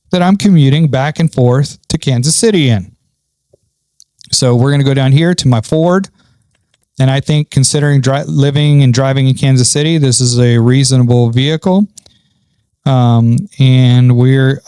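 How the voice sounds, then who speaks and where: Relaxed man narrating gameplay, mellow voice. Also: mid-range voice, smooth, dry recording. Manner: relaxed, thinking aloud with many ums. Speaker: gaming channel host. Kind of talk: casual gameplay commentary.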